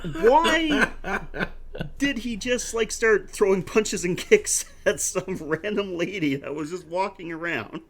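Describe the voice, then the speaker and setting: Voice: medium pitch, expressive, takes it slowly. A podcast co-host recapping a horror movie in casual chat, swearing freely and laughing often.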